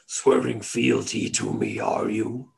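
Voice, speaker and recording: A man voicing a proud ancient lion-man king who speaks slowly and with disdain. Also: lowish voice, flat delivery, creaky, full character voice. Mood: haughty. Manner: slow, haughty and disdainful.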